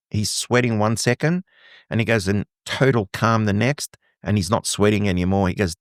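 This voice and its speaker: A man's voice: lowish voice, normal speed, no room sound, clean studio sound. A middle-aged man from Lebanon, a guest telling his story with animation and acting out quoted dialogue. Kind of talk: conversational interview.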